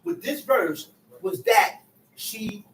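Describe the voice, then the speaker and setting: A man's voice: sits high, sing-song, slow, recorded from a distance. A man teaching a Bible class, explaining scripture in casual street talk. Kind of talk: preaching Bible study. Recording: echoey room, voice from afar.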